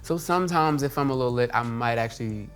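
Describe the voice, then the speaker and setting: Man, guest author, casual comedic chat, candid, animated, mid pitch, faint music. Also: fast talker. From Houston, Texas. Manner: animated, candid and playfully blunt.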